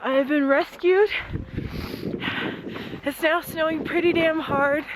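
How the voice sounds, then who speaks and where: A young woman with a high voice speaks slowly into her camera on a snowy mountain. Her words come halting and breathless from the cold. Loud wind roars over the microphone. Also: fairly even intonation. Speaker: vlogger. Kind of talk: on-the-spot vlog clip. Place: outdoors on a mountain in snow. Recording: loud wind noise on phone mic.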